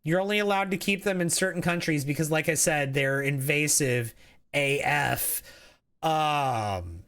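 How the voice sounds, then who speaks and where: A man's voice: on the high side, a little slow, a bit bright. A man streaming a game, chatting casually in a rambling way, reading chat aloud and often restarting his sentences.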